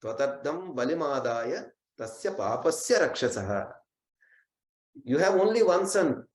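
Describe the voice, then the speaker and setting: A man's voice: a little high, very animated, unhurried, a little mellow. A man voicing a noble queen mother who kindly asks about a family's sorrow and offers help. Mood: concerned. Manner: concerned, kind questioning. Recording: roomy echo.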